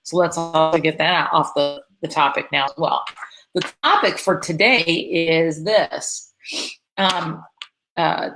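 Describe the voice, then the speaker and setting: A woman from Florida chatting to camera, telling a personal story in a casual, animated way, with lots of fillers and restarts. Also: on the low side, slight background noise, poor audio. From Florida, USA. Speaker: vlogger.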